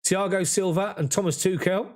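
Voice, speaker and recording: Man, fan commentary, excited, emotional, fairly high voice. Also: moderate pace.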